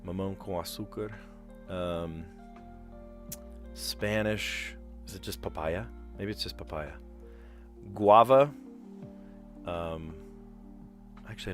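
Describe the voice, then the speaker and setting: A man's voice: fairly low pitch, a bit bright. A man chatting casually on a puzzle live stream, rambling and explaining where words come from. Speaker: streamer playing word puzzles.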